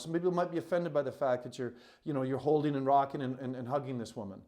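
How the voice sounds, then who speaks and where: Man, coach, heartfelt personal storytelling, earnest, emphatic, medium pitch, filler-heavy. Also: quick pace, hardly any pauses, warm tone. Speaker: coach and retreat facilitator.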